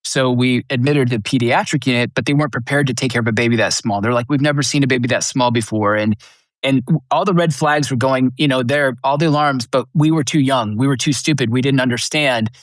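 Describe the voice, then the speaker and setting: A man's voice: medium pitch, steady tone, fast talker, no room sound, studio quality. A middle-aged man, a podcast guest, earnestly telling a personal testimony and acting out the people he quotes. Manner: earnest storyteller, acts out quoted lines. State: emotional, near tears at times.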